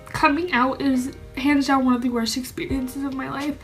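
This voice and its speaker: A young woman with a slightly high voice shares a personal coming-out story straight to camera. She talks casually, full of "like", and her voice turns tearful at times. Soft music plays faintly behind her. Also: flat delivery, moderate pace. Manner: heavy use of "like", emotional and tearful at times. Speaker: vlogger.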